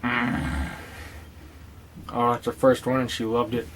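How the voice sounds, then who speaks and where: A man's voice: mid-range voice, little pitch movement, takes it slowly, a bit bright, slight background noise. Rambling, profane man telling stories. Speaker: tobacco dip reviewer. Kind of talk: casual vlog storytelling.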